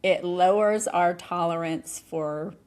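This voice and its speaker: A middle-aged woman talking candidly on a podcast, animated and often laughing. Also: fairly low pitch, slow. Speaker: podcast guest. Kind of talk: conversational podcast talk.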